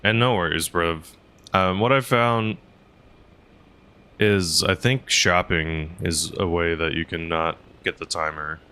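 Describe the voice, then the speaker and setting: A man's voice: deep voice, steady tone, takes it slowly, sharp tone, smooth. A man streaming a game, chatting casually with viewers and laughing often. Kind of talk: casual gameplay commentary to chat.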